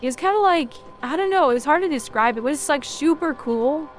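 A woman's voice: sits high, expressive, brisk, slight background noise. A woman streamer chatting casually and rambling jokingly to viewers while she plays a game. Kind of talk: casual gameplay chat.

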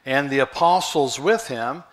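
A man's voice: medium pitch, expressive, a little slow. A male pastor, preaching a sermon in a conversational way with rhetorical questions.

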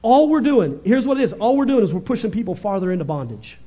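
A male pastor preaching a fervent, animated sermon, moving between loud bursts and quieter stretches. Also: sits high, fast, husky, lo-fi sound.

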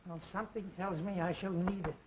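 An actor playing a fussy, nervous producer in a 1930s film, blustering and jittery. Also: male voice, high voice, fairly even intonation, fairly quick, natural voice. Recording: dull 1930s film soundtrack, faint hiss.

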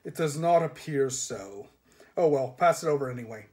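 A man voicing a hooded sledge driver who speaks slowly in a heavy, puzzled voice. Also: medium pitch, lively intonation, a little mellow, close to an everyday voice.

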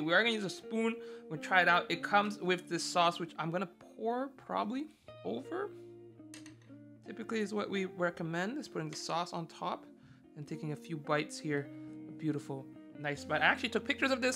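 A man hosting a casual mukbang vlog, chatty and upbeat, talking straight to his viewers while he eats. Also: on the high side. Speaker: food vlogger host. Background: faint background guitar music.

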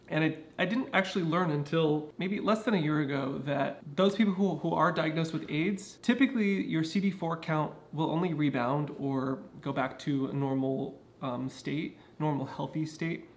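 A man talking casually to his camera at home, explaining things earnestly with frequent restarts. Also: a little high. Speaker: vlogger. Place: indoors at home.

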